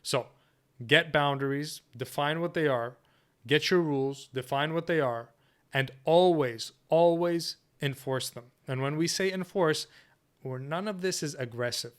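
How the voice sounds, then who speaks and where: Firm, smooth-voiced man teaching a workshop. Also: a little high, unhurried. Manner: firm, assertive, repeats "okay?" and "right?". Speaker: dating coach. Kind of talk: workshop lesson.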